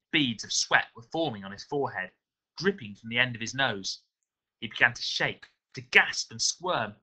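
A male teacher reading a novel aloud to his class with expressive storytelling. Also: mid-range voice, moderate pace, low-quality recording.

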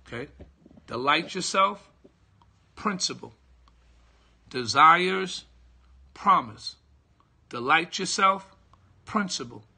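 A middle-aged man, a pastor, teaching a devotional slowly and repetitively, checking that listeners follow and greeting viewers by name. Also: a little high, animated, creaky, sharp tone, breathy edge. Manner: slow, repetitive teaching with call-and-response checks. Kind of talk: live-streamed devotional teaching.

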